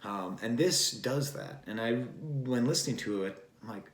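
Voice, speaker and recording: A man's voice: mid-range voice, very animated, moderate pace, few pauses. A man hosting a casual album review, talking in a rambling, wry way and drifting between thoughts with plenty of fillers. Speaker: record review host. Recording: roomy echo.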